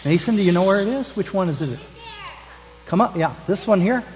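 A man as pastor giving the children's message in church, gently asking the kids questions. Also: sits high, lively intonation, brisk, in a large hall, faint music behind, rough recording. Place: church sanctuary.

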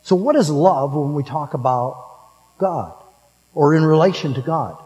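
A man's voice: a little high, big pitch swings, a little slow, muffled recording. Storytelling male preacher in a reverberant hall. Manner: storytelling, swings between emphatic and hushed. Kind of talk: sermon. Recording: long reverb of a large hall.

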